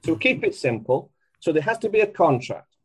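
Emphatic man, slightly high voice. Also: fairly quick, breathy edge, poor audio. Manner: emphatic and animated, with frequent laughs. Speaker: guest. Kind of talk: casual podcast conversation.

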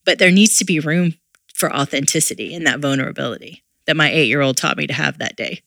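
A woman's voice: deep voice, quick pace, gravelly, a bit bright, no room sound. A middle-aged woman co-hosting a conversation, talking in an earnest, reflective way and laughing easily. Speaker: podcast co-host. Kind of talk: casual conversation.

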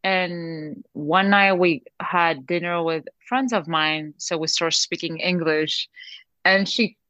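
A woman's voice: fairly low pitch, takes it slowly, sharp tone, no room sound, lo-fi sound. A young woman with a French accent, raised in France, chatting casually as an interview guest and laughing often. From Lebanon, raised in France. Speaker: guest, singer.

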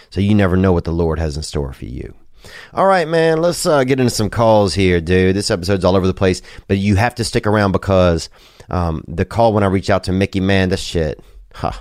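A man's voice: deep voice, darkish tone, no echo, studio quality. A man hosting a podcast, rambling casually with a loose, joking, drawling manner and frequent swearing. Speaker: podcast host.

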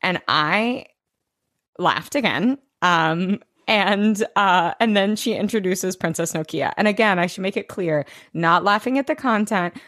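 A woman's voice: mid-range voice, unhurried, fairly bright tone, dry recording, clean studio sound. A woman co-hosting a podcast, recapping a show in casual chat, full of fillers and restarts. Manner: chatty, many fillers and restarts. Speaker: podcast co-host.

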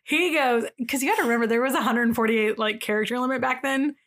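Animated young woman podcast storyteller. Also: fairly high pitch, fast talker. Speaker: podcast co-host. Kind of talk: casual storytelling chat.

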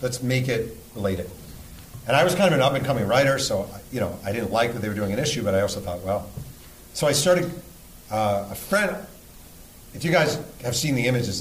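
A man's voice: lowish voice, reverberant, slight background noise, rough recording. A man from New York hosting a podcast, telling an earnest, emotional story before a live audience, with blunt swearing. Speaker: podcast host and sportswriter.

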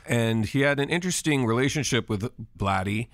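A man co-hosting a podcast, calmly explaining film history in casual chat. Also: mid-range voice, brisk, no room sound, clean studio sound. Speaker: podcast co-host.

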